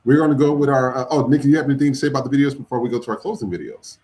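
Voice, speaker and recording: A man's voice: medium pitch, racing, darkish tone. A man hosting a podcast, talking casually and loosely with the audience and swearing now and then. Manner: loose, chatty, casual cursing. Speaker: podcast host.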